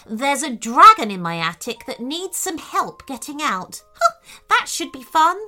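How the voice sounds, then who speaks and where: A woman voicing a kind, very old lady who speaks warmly and gently. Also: high voice, big pitch swings, unhurried, full character voice. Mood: delighted.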